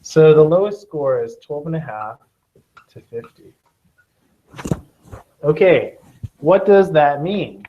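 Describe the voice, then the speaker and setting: A man's voice: fairly high pitch, animated, takes it slowly, pauses often, slight background noise. A man teaching a test-prep class, joking and checking in with his students, with a Southern Californian accent. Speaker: tutor. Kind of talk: classroom lecture. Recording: dull lo-fi classroom recording.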